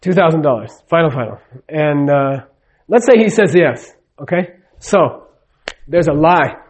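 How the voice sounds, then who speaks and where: A man's voice: fairly high pitch, animated, unhurried, slightly rough. Man teaching with a chatty, checking-in manner. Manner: conversational, often checks in with the audience; tells stories with acted-out dialogue. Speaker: spiritual teacher. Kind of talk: live teaching talk.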